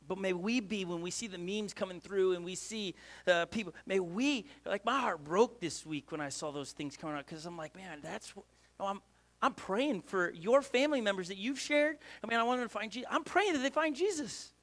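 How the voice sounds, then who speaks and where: A man's voice: high voice, a bit bright. A male pastor preaching a sermon with energy, asking rhetorical questions and often restarting his sentences.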